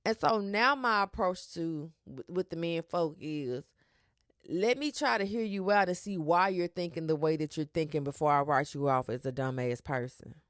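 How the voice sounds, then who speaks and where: A woman hosting her own podcast, talking in a sassy, animated way with slang and cursing. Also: deep voice, moderate pace, no room sound, studio quality. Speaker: podcast host. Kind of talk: casual solo podcast talk.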